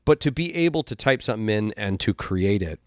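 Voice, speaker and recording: Man, podcast host, casual chat, halting restarts, sighs, dry sound. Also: on the low side, lively intonation, no room sound.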